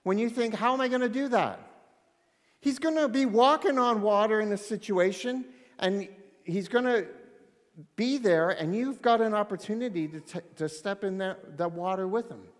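Male preacher, fairly high voice, lively and then suddenly hushed, long reverb of a big hall. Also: moderate pace. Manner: animated, swings between loud excitement and hushed intensity. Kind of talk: sermon.

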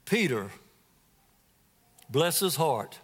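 High-voiced, slow-paced man preaching a sermon. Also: sing-song, slightly rough, long reverb tail. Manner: dramatic storytelling with acted scripture quotes; asks the congregation direct questions. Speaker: guest preacher.

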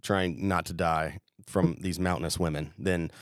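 A man's voice: low voice, unhurried, dry recording, studio quality. A young man casually telling a wild story on a podcast, swearing freely and acting out what people said. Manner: animated, profane, acts out quotes. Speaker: podcast co-host.

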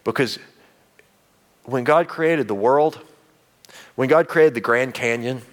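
A male pastor delivers a sermon in a conversational, earnest way. He restarts phrases often and sinks into quiet, intense passages. His voice sits at an ordinary middle pitch for a man. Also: takes it slowly.

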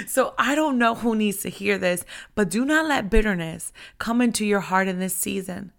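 A woman giving an impassioned, conversational devotional talk into a microphone, her fervent delivery rising to shouts. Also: medium pitch, normal speed, gravelly, few pauses. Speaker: ministry preacher. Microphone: handheld microphone.

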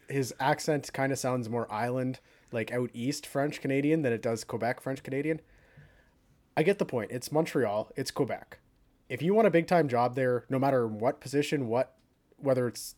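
Animated rambling sports-talk guy. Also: mid-range voice. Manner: rambling, animated, many fillers. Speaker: podcast co-host. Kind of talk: casual sports chat.

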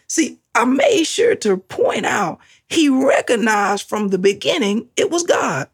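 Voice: medium pitch, huge pitch swings, a little slow, gravelly, husky. A preacher giving a sermon, emphatic, repeating key phrases and laughing often.

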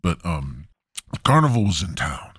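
A deep-voiced man tells crude, rambling comic stories and pokes fun at himself. His pitch swings widely as he goes, and the podcast mic sound is dry and close. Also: very animated, moderate pace, fairly bright tone, slightly rough, no room sound. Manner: rambling, crude, self-mocking. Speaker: podcast host.

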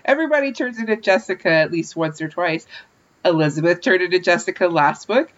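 Lively woman, slightly low voice. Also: brisk, highs cut off. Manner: animated, laughs often. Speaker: podcast co-host. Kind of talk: casual chat recapping a book.

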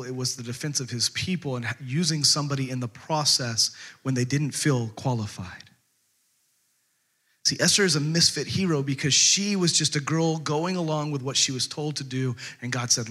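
Male preacher, sermon, conversational storytelling, bright tone, slightly high pitch. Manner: animated, conversational storytelling with fillers.

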